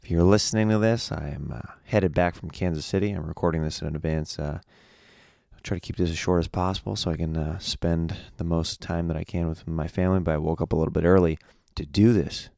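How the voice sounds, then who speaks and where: Brief: young male podcast host, groggy morning voice, slangy and easygoing, dark tone. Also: deep voice, steady tone, brisk, creaky, dry recording, studio quality. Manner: laid-back, slangy, greets listeners. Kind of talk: casual podcast chat.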